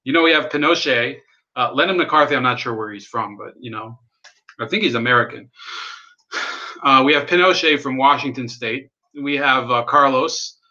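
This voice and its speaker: A man talks in a loose, rambling way on a live stream, dry and sardonic, dropping swear words and answering his chat. His voice has a forceful, bright edge. The sound is dull and lo-fi, like a cheap computer mic. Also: medium pitch, moderate pace. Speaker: livestream host. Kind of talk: casual political livestream commentary.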